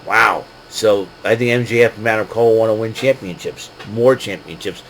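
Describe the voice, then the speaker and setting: A man's voice: fairly low pitch, normal speed, a bit bright, slight background noise, rough recording. A man casually recapping a wrestling show, rambling with lots of fillers and frequent laughs. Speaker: podcast host recapping wrestling.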